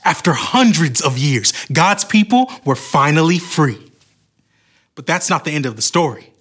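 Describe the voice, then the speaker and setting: Man, husky tone, lively expressive storyteller, Bible story for kids. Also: a little high, measured pace. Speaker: storyteller on a children's show.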